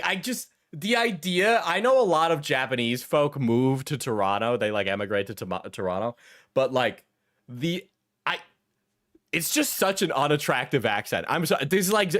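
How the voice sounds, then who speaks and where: A man's voice: mid-range voice, fairly bright tone, dry recording, clean studio sound. A young man streaming a reaction video, laughing often, swearing and repeating himself as he gives blunt opinions. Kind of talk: casual reaction commentary.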